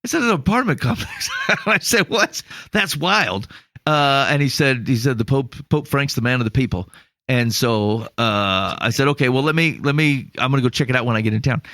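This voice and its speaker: A man's voice: medium pitch, expressive, normal speed, sharp tone, no echo. Dry-voiced man, rambling and self-mocking. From Iowa. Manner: rambling, self-mocking, laughs through his story. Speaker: podcast co-host. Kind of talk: casual storytelling.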